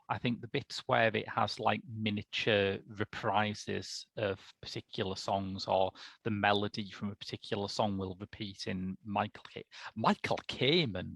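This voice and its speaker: A man co-hosting a casual podcast, discussing a film in an articulate, wry way with animated asides. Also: lowish voice, creaky, no echo. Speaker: podcast co-host.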